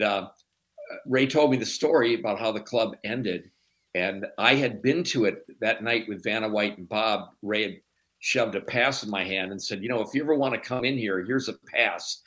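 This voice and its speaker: A man from Chicago, a documentary producer and guest, telling stories in a relaxed, rambling way. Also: on the low side. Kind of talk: casual interview storytelling.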